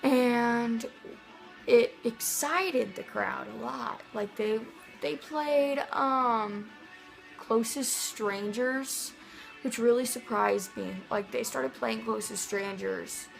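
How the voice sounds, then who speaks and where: Young woman vlogger from Missouri, raised pitch with lots of vocal fry, rambling excitable storytelling, faint music underneath. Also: takes it slowly, low-quality recording. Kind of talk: casual vlog storytelling.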